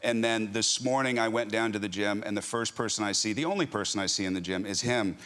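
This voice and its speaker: A man's voice: fairly low pitch, fast, fairly bright tone. A man guest on a talk show, chatting in an earnest, playful way. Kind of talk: casual chat.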